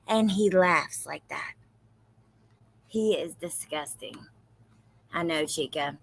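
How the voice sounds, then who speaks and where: A woman's voice: sits low, slow, gravelly, pauses often, slightly rough. A woman streaming commentary on interrogation footage, reading viewers' names and reacting with outrage. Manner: outraged, talks to viewers in chat. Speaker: true crime streamer.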